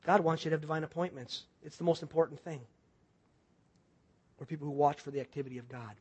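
A middle-aged male pastor preaching a sermon, telling a story that moves between loud excited passages and hushed, intense moments. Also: a little high, fast talker, breathy edge.

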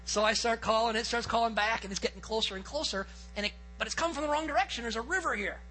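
Pastor, male, high and bright voice; animated storyteller mid-sermon. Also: fast, soft background music, low-quality recording. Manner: lively storyteller, acts out quotes and gets excited. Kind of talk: sermon with a personal hunting story.

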